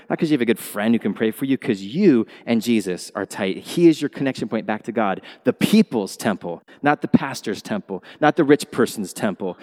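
Animated male pastor in an echoing hall. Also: medium pitch. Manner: animated, swings from quiet to loud exclamations. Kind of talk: sermon. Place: church sanctuary. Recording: long hall reverb.

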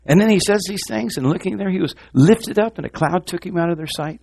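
A man preaching a sermon, swinging from loud, high exclamations to quiet, low lines and calling on the congregation to repeat after him. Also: lively intonation, a little fast, gravelly, no echo. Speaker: pastor.

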